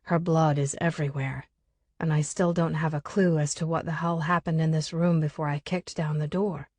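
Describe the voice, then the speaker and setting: A woman's voice: low-pitched, fairly even intonation, moderate pace, darkish tone, no room sound. A woman narrating a first-person audiobook chapter with an urgent, coarse inner voice.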